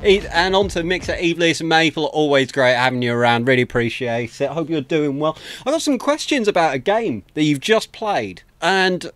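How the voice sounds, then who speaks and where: A man's voice: fairly high pitch, expressive, moderate pace, hardly any pauses, fairly bright tone. A man hosting a livestream, chatting casually and self-deprecatingly as he greets viewers one by one, close to a desk microphone. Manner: chatty, self-deprecating, frequent laughs and thank-yous. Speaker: livestream host. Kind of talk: casual chat to stream viewers.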